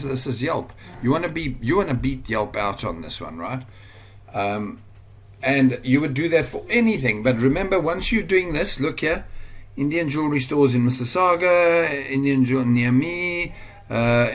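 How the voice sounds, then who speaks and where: Rambling South African man teaching online. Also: medium pitch. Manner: rambling, excitable, thinks aloud. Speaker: online business trainer. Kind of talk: casual screen-share tutorial.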